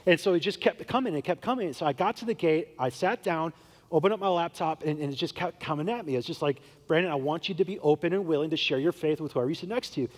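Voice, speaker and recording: A young male pastor delivers a storytelling sermon, acting out the dialogue in quoted voices. His voice sits high. It carries a long reverb from the church hall. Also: quick pace. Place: church sanctuary.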